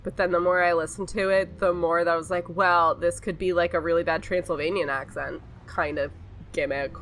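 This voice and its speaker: A woman's voice: on the low side, fairly even intonation, brisk, fairly bright tone, a little hiss or hum. Chatty woman narrating her gameplay. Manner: chatty, muses aloud, second-guesses herself. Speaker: game streamer. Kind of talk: casual commentary over gameplay.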